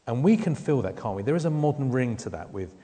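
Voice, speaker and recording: A man's voice: medium pitch, animated, quick pace, warm tone. A man preaching a sermon in a conversational way, often putting questions to the listeners. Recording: long hall reverb.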